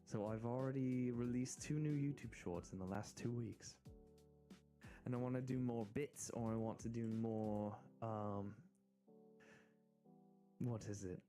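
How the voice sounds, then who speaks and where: An American man talks casually to his stream in a mellow, relaxed voice. He rambles, restarts his sentences and giggles often. Quiet music plays faintly in the background. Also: mid-range voice, unhurried, pauses often. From United States. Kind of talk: casual live-stream chat.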